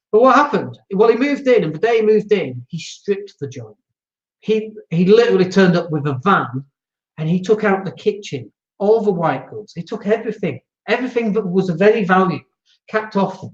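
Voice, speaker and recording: Blunt guy ranting about landlords, highish voice, echoey room, kinda dull lo-fi sound. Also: expressive, a little fast. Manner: blunt, conversational, acts out quoted voices. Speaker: property investor and show host. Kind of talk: casual monologue.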